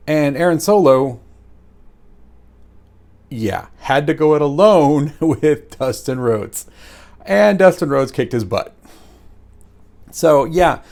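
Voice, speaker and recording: A man casually reviewing wrestling matches in a rambling, animated way, with lots of fillers and chuckles. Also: on the high side, creaky.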